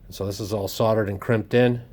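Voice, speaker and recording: A man's voice: on the low side, fairly even intonation, fairly quick, a little mellow. Joking man narrating workshop jobs. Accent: put-on Irish lilt. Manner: joking, playful, exclaims while working. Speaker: workshop DIY host. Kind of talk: casual workshop vlog commentary. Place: home workshop.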